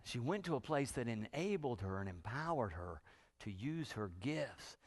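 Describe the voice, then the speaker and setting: A man pastor preaching a sermon, telling stories with wide swings from hushed to loud. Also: mid-range voice, sing-song, moderate pace.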